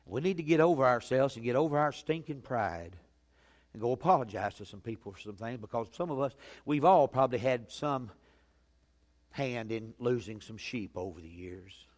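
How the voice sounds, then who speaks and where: A man preaching a sermon as a pastor, telling a story that swings from loud urgency to hushed quiet. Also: mid-range voice, animated, moderate pace. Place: church sanctuary. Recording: long hall reverb.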